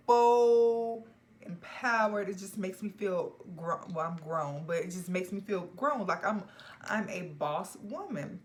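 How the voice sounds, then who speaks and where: A young woman talks straight to camera about fragrances in an emphatic, playful way. Her voice sits a little low for a woman, and she now and then drops into hushed, whispered asides. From Georgia, US. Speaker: fragrance reviewer. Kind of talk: casual chat to camera.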